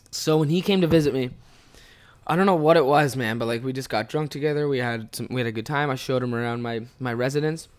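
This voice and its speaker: A young man from Ontario, a podcast host, telling rambling, profane stories in a casual way and laughing often. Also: mid-range voice. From Ontario, Canada. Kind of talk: casual storytelling.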